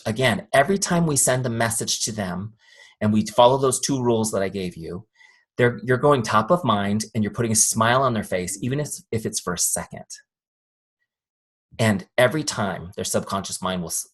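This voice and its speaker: Husky-voiced man giving a lively sales training. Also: lowish voice. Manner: lively, acts out quoted voices, asks audience questions. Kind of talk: live training talk.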